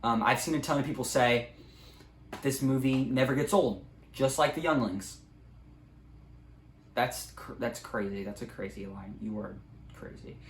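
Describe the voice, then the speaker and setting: A man's voice: medium pitch, a little slow, long pauses. A young man in a casual movie review, rambling with many ums and likes. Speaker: video creator. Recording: echoey room, faint ambient noise.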